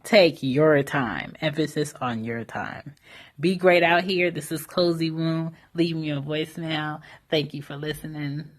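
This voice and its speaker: A woman's voice: low-pitched, steady tone, measured pace. Candid young mother hosting a podcast. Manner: candid, conversational, with frequent fillers and mild profanity. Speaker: podcast host. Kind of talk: casual solo podcast monologue.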